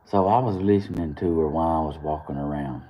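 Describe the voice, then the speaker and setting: Very deep-voiced and a little fast, this young Georgia host chats on his live morning stream, with the high frequencies cut off. He tells a meandering story in a relaxed Southern way, laughing frequently.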